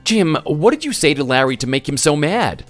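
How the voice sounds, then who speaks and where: A man's voice: on the high side, very animated, brisk, soft background music. A man voicing a concerned family man in a voice-acted text story, asking careful questions.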